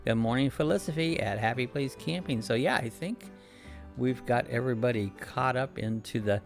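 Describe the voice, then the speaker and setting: A man's voice: medium pitch, normal speed, faint music behind. A man hosting a casual live-stream chat from his home, rambling along and reading out viewer comments and greetings.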